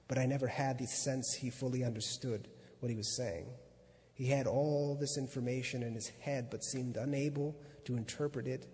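A man, a magazine editor, reading a literary excerpt aloud at an unhurried pace, now and then stumbling and restarting a word. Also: medium pitch, darkish tone. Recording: long reverb of a hall.

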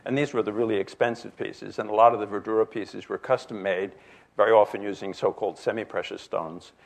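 A man in his sixties from New Jersey gives an illustrated lecture in a fairly low, gravelly voice. He tells it as a string of anecdotes, full of fillers and restarts. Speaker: jewelry expert giving a lecture.

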